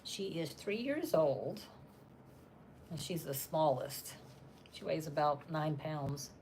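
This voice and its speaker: A woman's voice: low-pitched, lively intonation, takes it slowly, darkish tone, a little hiss or hum. A woman chatting on a live stream from home, reading comments and laughing often while she talks about her dogs. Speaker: channel host reading live chat. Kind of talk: casual live-stream chat.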